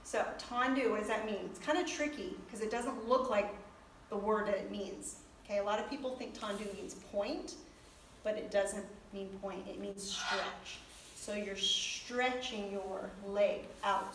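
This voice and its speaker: A woman teaching ballet terms, talking slowly, repeating each term while she demonstrates in a dance studio. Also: mid-range voice, fairly bright tone, slight background noise. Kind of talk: ballet lesson. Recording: echoey room from a distance.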